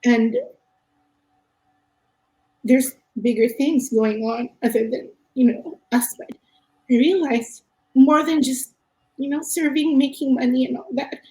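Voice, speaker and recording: A woman's voice: high-pitched, mellow, echoey room, rough recording. A woman who owns a cafe, telling a personal story as a podcast guest. She speaks earnestly and reflectively, often restarting her sentences.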